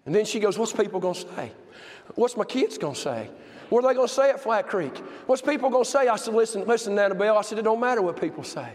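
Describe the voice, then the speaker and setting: A man preaching a sermon, telling stories with passion and swinging from shouts to hushed tones. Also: sits high, animated, fast talker. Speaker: pastor. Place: church sanctuary. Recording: long hall reverb.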